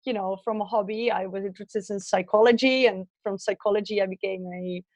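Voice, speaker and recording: A woman with a Dutch accent, a guest in an interview, telling childhood stories in an animated, chatty way. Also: mid-range voice, brisk, no room sound. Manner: animated storytelling with laughs and acted childhood quotes. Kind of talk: conversational interview storytelling.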